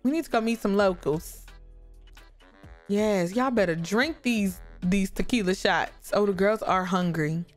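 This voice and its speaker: A woman giving lively, chatty commentary on a life-sim game, talking to her viewers. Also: medium pitch, a little slow, faint music behind. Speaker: gaming YouTuber. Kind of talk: casual gameplay commentary.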